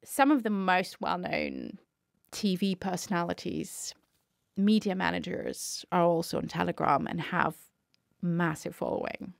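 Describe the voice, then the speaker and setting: A woman's voice: on the low side, sing-song, unhurried, creaky, no room sound, studio quality. A woman speaking as a media analyst guest, answering emphatically and thinking aloud. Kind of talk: interview answers.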